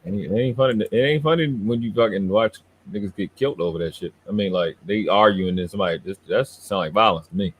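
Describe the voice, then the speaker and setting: A man's voice: fairly low pitch, fast talker, hardly any pauses, husky. A man from West Baltimore with a Baltimore accent, talking bluntly and profanely in casual chat.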